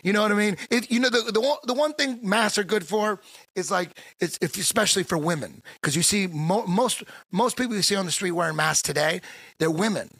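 A man hosting a podcast, talking in a rambling, profane, animated way in casual conversation. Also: high voice, fairly quick, breathy edge, dry recording. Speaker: podcast host.

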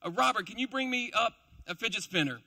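A man's voice: high-pitched, lively intonation, fast talker, creaky, bright, forceful tone. A young man preaching a casual, joking sermon to a live congregation, with playful asides. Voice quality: chatty, playful, self-deprecating asides. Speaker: preacher, also a school teacher.

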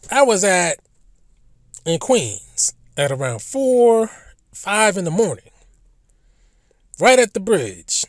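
A man's voice: high-pitched, no echo. Man, casual rambling monologue, profane, blunt, stumbles and repeats words, dry close sound. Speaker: commentary channel host.

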